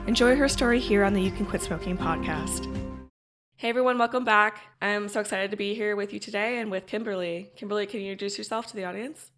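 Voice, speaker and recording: Woman, podcast host, upbeat and encouraging, clear music bed behind. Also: mid-range voice, steady tone, quick pace. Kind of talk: scripted intro and interview questions.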